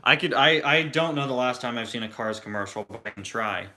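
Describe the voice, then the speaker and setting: This toy review streamer's medium-pitched voice comes across bright and pushed as he talks fairly quickly in a casual live Q&A. His answers wander, stall and restart again and again.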